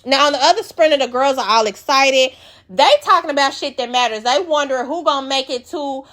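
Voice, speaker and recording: Blunt, high-voiced woman recapping TV. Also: a little fast, a bit bright. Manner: blunt, profane, emphatic. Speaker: reality TV recap host. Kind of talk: casual recap commentary.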